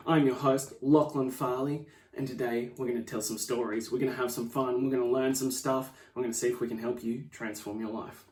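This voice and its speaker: A man hosting a fitness podcast, telling client stories in an animated, chatty way and acting out the quoted dialogue. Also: mid-range voice, fairly quick, few pauses, far from the mic. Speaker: podcast host and fitness professional. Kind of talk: storytelling monologue. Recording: roomy, off-mic room sound.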